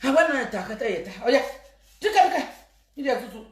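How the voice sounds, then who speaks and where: A woman's voice: high voice, very animated, fairly quick, roomy sound, heavy background noise. A woman with a Nigerian Pidgin accent, chatting comically on a live stream, teasing, chanting and laughing. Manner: teasing, sing-song, laughing. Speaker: social media host.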